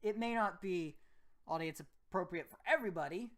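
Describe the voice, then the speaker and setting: A man's voice: high-pitched, normal speed, a bit bright. A man giving a casual vlog monologue as a gaming YouTuber, rambling and often restarting his sentences mid-thought.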